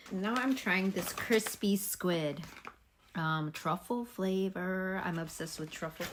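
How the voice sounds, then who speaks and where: Young adult woman, student vlogger; relaxed rambling chat between bites, a little low-voiced. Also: slow pace, background noise. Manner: chatty, rambling, snacking while talking. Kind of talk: casual vlog chat.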